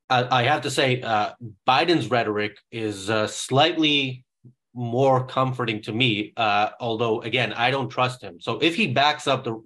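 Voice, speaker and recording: A man hosting political commentary, talking in a halting way with many pauses and restarts. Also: lowish voice, a bit bright. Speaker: show host.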